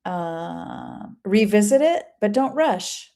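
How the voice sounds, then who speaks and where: Woman, from Maine, livestream host, casual chat, reads out comments, warm replies, middle pitch. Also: animated, slow pace, creaky. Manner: chatty, reads viewer comments aloud and answers them warmly. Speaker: home and lifestyle channel host.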